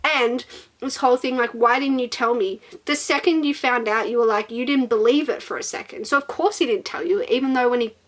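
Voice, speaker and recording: A woman's voice: on the high side, a little fast. A young woman giving a casual, sarcastic book review, exasperated and swearing freely while reading quotes mockingly.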